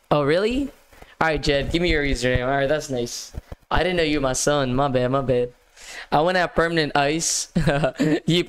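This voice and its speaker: A man with a clean, somewhat high and a bit bright voice hosts a live gaming stream. He chats casually in slang and greets viewers by name.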